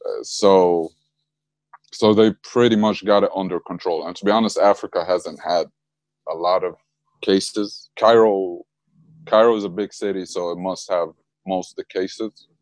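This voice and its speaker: A young man from Egypt talks loosely over a video call, his voice very low and steady. The sound is dry and close, with no room around it. He drops slang and laughs easily as he goes. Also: measured pace, no room sound. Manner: relaxed, laughs often, slangy. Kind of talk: casual chat.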